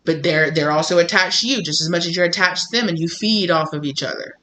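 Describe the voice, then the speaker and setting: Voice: medium pitch, fast, sharp tone. A tarot reader talking straight to viewers, blunt and emphatic, repeating phrases and acting out what other people say. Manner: swears casually. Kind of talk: tarot reading, direct address to viewers.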